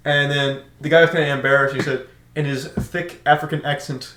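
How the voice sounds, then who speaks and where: A young man on a podcast telling stories in casual chat, animated and laughing often, acting out shouted orders. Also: a little high, a little fast. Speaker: podcast co-host. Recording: echoey room.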